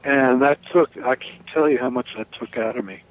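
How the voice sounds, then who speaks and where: A man from New York calling in to a radio chat, talking in halting restarts with the odd chuckle. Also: mid-range voice, no echo. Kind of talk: casual phone-in chat. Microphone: telephone. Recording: dry tinny phone line.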